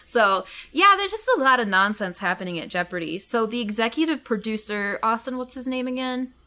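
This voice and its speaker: A woman's voice: a little high, animated, fairly quick, pushed and bright. A woman co-hosting a podcast in casual chat, wry and sarcastic as she jokes about the news. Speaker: podcast co-host.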